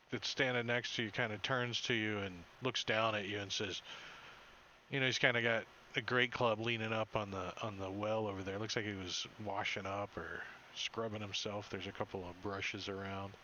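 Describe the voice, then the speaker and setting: Game master, man, bright voice, dull lo-fi mic with faint hiss, laid-back. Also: fairly low pitch, normal speed. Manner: relaxed, chuckling, filler-heavy narration. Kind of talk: narrating a tabletop game.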